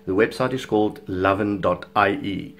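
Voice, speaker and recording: A man's voice: on the low side, moderate pace, slight background noise. A South African man whose first language is Afrikaans, giving chatty, opinionated video commentary with frequent chuckles. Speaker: fitness vlogger.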